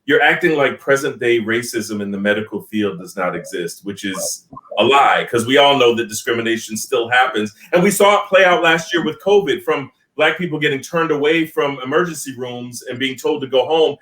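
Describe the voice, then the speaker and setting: A man speaks as a physician guest on a live call-in panel, unhurried and reflective as he tells his stories. His voice sits in the middle range. The recording is roomy, and he sounds set back from the mic. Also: mid-range voice, fairly bright tone, recorded from a distance. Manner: measured, reflective storytelling.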